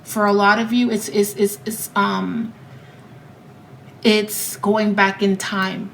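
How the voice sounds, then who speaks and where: A woman reading tarot cards for her viewers, talking to them directly with a lot of feeling. Her pitch sits in the middle range for a woman. A faint hiss runs under the recording. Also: flat delivery, slow, vocal fry, a bit bright, rough recording. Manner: emotive, direct address to viewers. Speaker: tarot reader. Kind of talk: pick-a-card tarot reading.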